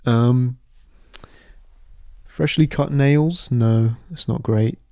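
Mellow-voiced young man, rambling. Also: medium pitch, extremely slow, no room sound, studio quality. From London, England. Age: 20s. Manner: rambling, hesitant, deadpan absurd humor. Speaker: podcast host. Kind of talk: casual solo podcast answering listener questions.

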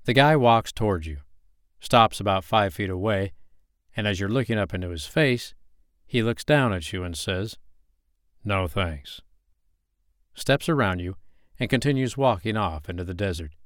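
Low-voiced man narrating a story. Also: lively intonation, moderate pace, dry recording, clean studio sound. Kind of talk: second-person story narration.

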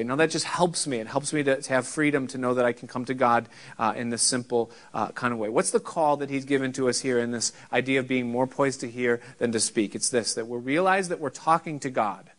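A middle-aged man preaching a sermon, earnest and conversational, teaching with pauses. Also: mid-range voice. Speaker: pastor.

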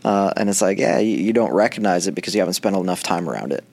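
A man who is a pastor hosting a podcast, talking in a relaxed conversation with lots of fillers and restarts. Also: deep voice, fast, gravelly. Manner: chatty, with many fillers and restarts. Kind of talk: casual faith podcast conversation.

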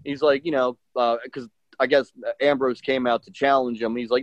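A man's voice: mid-range voice, normal speed, dry recording. A middle-aged man, a professional wrestler, telling a story in a casual interview, acting out what people said with lots of fillers. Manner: animated, acts out quotes, many fillers. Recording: dull lo-fi dry sound.

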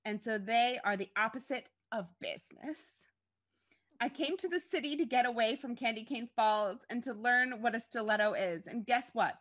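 A woman's voice: a little high, moderate pace, fairly bright tone, pitched above the performer's own voice, natural voice. A woman voicing a brash, ambitious young businesswoman in a storybook reading, speaking with theatrical indignation. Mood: indignant.

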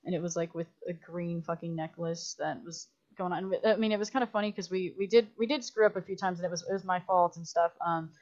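A woman chats on a podcast in a low-pitched voice, spinning animated stories full of fillers and quoted dialogue. The audio is dull and lo-fi, like a budget podcast recording. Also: fast, few pauses. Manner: animated storytelling, many "like"s, acts out quotes. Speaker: guest filmmaker. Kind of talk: casual podcast chat.

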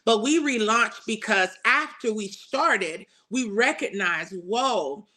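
A woman speaking as an interview guest about her business, earnest and faith-filled, easily excited. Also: fairly high pitch, slow. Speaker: guest, publishing CEO. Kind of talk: interview answers.

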